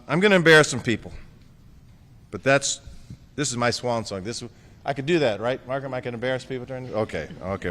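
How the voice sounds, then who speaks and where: A man's voice: mid-range voice, fairly bright tone, big-room sound. A man giving a concession speech as outgoing mayor. He jokes and thanks people by name with affection.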